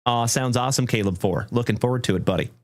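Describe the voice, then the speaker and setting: A man hosting a livestream trading card break, thanking viewers effusively and calling out cards with excitement. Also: mid-range voice, fast. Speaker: live card break host.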